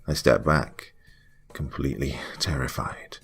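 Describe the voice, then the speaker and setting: A man reading a first-person horror story in a hushed voice that drops to whispers. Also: very deep voice, measured pace, vocal fry. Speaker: horror podcast narrator. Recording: faint music under the voice.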